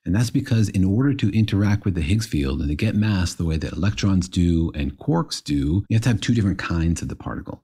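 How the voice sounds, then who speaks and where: A man's voice: sits low, mellow, slightly rough. A man, a physicist, patiently explaining particle physics to his co-host in a casual podcast chat.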